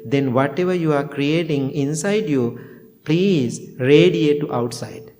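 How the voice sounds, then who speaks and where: Chuckling monk giving a homely talk. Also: male voice, on the high side, a little slow, darkish tone. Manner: plain simple phrasing with chuckles, acts out both sides of conversations. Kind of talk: informal dharma talk to a temple group.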